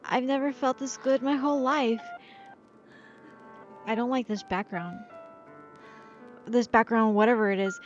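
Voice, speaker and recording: A young woman streaming a game, tossing off playful, disbelieving reactions in a slightly high voice. The sound is a bit dull, with game music running faint underneath. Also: steady tone, unhurried, long pauses. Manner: reactive, playful, incredulous asides. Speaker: gaming streamer. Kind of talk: let's play commentary.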